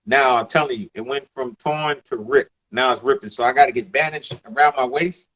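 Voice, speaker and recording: A man in his thirties from the Bronx with a New York accent, telling stories in a casual interview, animated, emphatic and profane. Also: mid-range voice, fairly quick, breathy edge. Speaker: former basketball player, guest.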